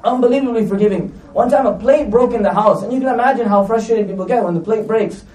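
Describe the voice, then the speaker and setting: This preacher's voice sits high and is a little mellow, and he talks fast. His conversational religious talk is full of stories, asides, and fillers, captured by a faraway mic in an echoey room.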